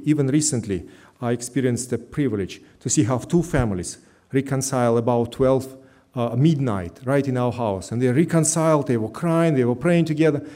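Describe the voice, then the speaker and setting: Animated pastor preaching. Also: male voice, mid-range voice. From Russia. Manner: earnest, emphatic preaching with slow stressed phrases. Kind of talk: sermon.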